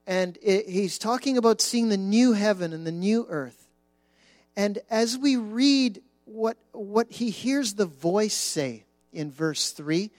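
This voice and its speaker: Slow, high-voiced preaching man. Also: dry recording. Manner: emphatic, repeats words for stress, dramatic drops to near-whisper. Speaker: pastor. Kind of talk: sermon.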